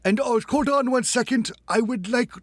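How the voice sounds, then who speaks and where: A podcast co-host doing a comic impression of a solemn German film director, with a German accent and a slow, fatalistic, deadpan delivery. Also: male voice, very high voice.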